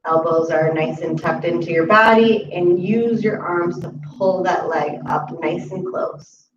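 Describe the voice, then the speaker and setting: A woman with a voice on the low side leads a chair yoga class at a measured pace, calmly cueing each breath and movement in a guided exercise session. The audio is roomy, distant and muffled with faint hiss.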